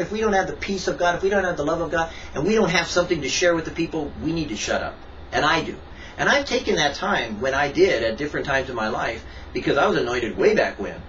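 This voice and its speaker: A man's voice: medium pitch, slight background noise. Emphatic preacher man, distant and dull. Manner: emphatic, with sudden rises and quiet asides. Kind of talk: devotional sermon. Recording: distant mic, dull sound, faint ambience.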